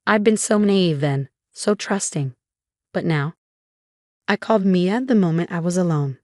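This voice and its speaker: Female storyteller, measured and dramatic; low register, dry close sound. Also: a little mellow, no echo. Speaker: story narrator. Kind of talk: scripted dramatic narration.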